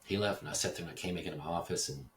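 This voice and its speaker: A deep-voiced man in a roomy, echoey space, a little far from the mic, with faint background noise. He tells a story in a casual, profane, rambling way and turns reflective as he goes. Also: racing. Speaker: podcast host. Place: echoey house.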